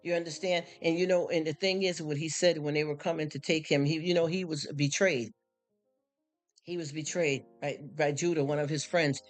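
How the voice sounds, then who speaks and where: A tired live streamer, worn out after a long work shift, talks casually about faith to a live chat with faint music in the background. His medium-pitched voice stays fairly even at a moderate pace as he rambles, repeatedly asking "you understand?"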